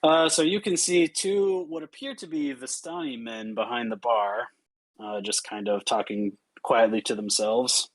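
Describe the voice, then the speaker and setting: A man narrating as game master, casual and halting with many fillers. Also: medium pitch, dry recording, low-quality recording.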